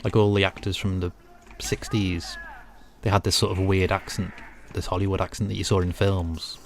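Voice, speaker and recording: A man's voice: low-pitched, flat delivery, normal speed, slight background noise. A man with a northern English accent, chatting casually and rambling to his chat while gaming on a livestream. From northern England. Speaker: streamer.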